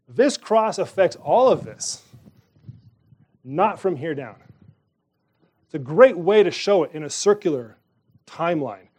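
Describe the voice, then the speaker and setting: A man's voice: high voice, a little mellow. Man preaching in a conversational style. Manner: casual conversational preaching, emphatic rises. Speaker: pastor. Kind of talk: sermon.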